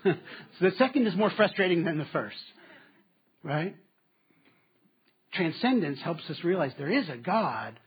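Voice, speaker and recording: Husky-voiced man preaching a sermon. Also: on the high side, very animated, unhurried, pauses often. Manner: dynamic preaching, dropping to quiet asides with laughs. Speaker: pastor. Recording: slightly dull, muffled sound.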